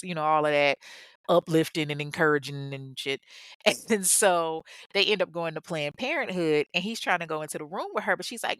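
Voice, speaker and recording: A woman's voice: deep voice, brisk, fairly bright tone, smooth, no echo. A woman with children telling a true crime story in a casual, blunt and profane way, full of sarcasm. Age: adult parent.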